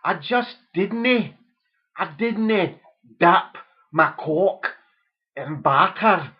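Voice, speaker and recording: A man voicing a dim young Scottish lad in a mock Scottish accent, slow and drawling. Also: high voice, animated, highs cut off, pitched above the performer's own voice, full character voice. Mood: lamenting.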